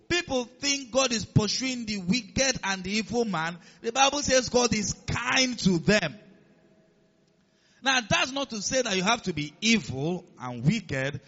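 Male preacher, high tenor, emphatic sermon delivery, dull lo-fi recording. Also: lively intonation, a little slow, sharp tone. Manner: emphatic, calls on the congregation to respond.

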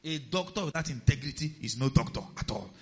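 A man preaching a sermon, animated, swinging between loud emphasis and quiet asides and asking his congregation questions. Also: a little high, fast talker. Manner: animated preaching, rising and dropping in loudness, asks the congregation questions. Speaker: pastor. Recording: reverberant hall, dull sound.

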